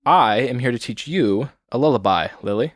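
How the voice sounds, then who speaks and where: A man voicing a calm, serious village woman. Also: medium pitch, normal speed, no echo, clean studio sound, close to an everyday voice. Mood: grave.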